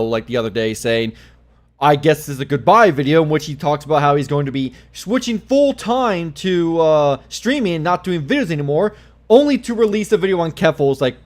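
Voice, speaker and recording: A young man hosting a casual live stream, excitable, swearing a lot and laughing often. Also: fairly high pitch, fairly quick.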